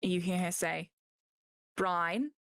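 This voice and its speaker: A woman's voice: fairly low pitch, measured pace, a bit bright, no room sound. Woman game master, rambling narration, dry close sound. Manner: loose, filler-laden narration.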